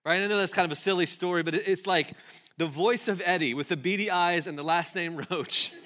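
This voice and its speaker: A man's voice: high-pitched, brisk. A man in his forties preaching a sermon, telling a funny personal story with laughs and acting out the other people's lines. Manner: animated, laughing, acts out quoted voices. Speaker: pastor.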